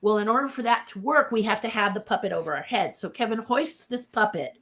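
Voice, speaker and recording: A woman's voice: medium pitch, animated, a little fast, fairly bright tone. A middle-aged woman who is a puppeteer, telling stories as a guest in a casual interview. She acts out quotes and laughs often.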